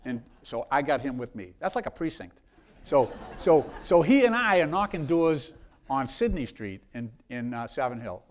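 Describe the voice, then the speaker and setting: Telling stories in a live interview, a South Boston congressman rambles through a yarn with many restarts. He talks at a moderate pace in a mid-range, sing-song voice.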